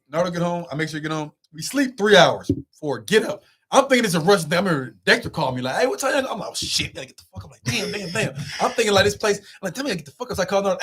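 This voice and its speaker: A young man telling a road story in casual, animated talk, swearing as he goes. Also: a little high, husky. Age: young adult. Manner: animated, swearing, quick rambling with loud swings. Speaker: guest.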